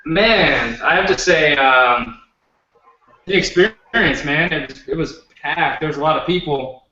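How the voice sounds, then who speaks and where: A man's voice: on the high side, unhurried, bright, forceful tone. A man, a guest on a casual video call, upbeat with laid-back slang. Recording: echoey distant call audio, lo-fi.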